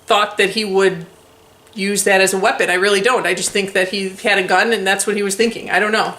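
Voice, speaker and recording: A woman co-hosting a casual chat, telling stories in an excitable, animated way with many fillers. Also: mid-range voice, a little fast, reverberant. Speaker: co-host.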